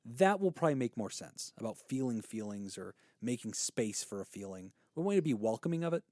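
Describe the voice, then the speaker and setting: Animated man explaining on a podcast. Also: mid-range voice, brisk, no echo, clean studio sound. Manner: animated, explanatory, laughs easily. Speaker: podcast co-host, therapist. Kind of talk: casual podcast chat.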